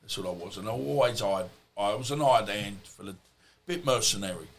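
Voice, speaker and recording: A man's voice: on the low side, fairly quick, slight background noise. Middle-aged man telling rambling anecdotes. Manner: rambling, anecdotal, blunt and colloquial. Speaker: podcast guest. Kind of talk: storytelling in conversation.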